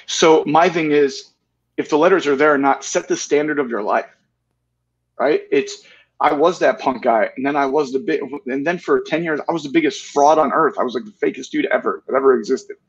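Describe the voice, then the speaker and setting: A man's voice: fairly high pitch, fairly quick, slightly rough, lo-fi sound. Earnest man ending lines with "right?". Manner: earnest, tag questions with "right?". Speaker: guest. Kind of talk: candid interview talk.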